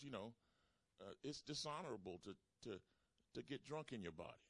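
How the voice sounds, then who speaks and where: A man's voice: lowish voice, no echo. A man preaching a sermon. He calls for responses from the congregation and repeats phrases for emphasis. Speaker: pastor.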